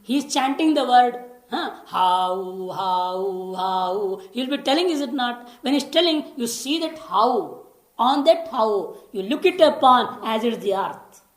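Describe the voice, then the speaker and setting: A woman with a slightly high voice leads a scripture class, patiently explaining and repeating each key word, now and then slowly chanting a Sanskrit line. Her voice rings out in a roomy, echoey space. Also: lively intonation. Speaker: scripture teacher. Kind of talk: lecture on scripture.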